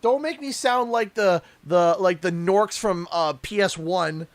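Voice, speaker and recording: A young adult man from Canada, chatting casually and jokingly on a livestream while unboxing, rambling and easily excited. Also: sits high, measured pace. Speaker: streamer.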